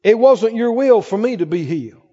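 Fervent high-voiced male preacher in a hall. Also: lively intonation, normal speed, dark tone, lo-fi sound. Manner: fervent preaching, reading scripture aloud with rising emphasis. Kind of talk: sermon. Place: church with congregation.

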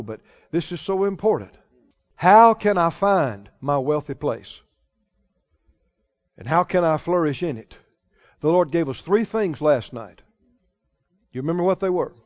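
A man's voice: a little high, lively intonation, normal speed, long pauses. A man preaching a sermon, stretching out his key phrases for emphasis and chuckling now and then. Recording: dull lo-fi sound.

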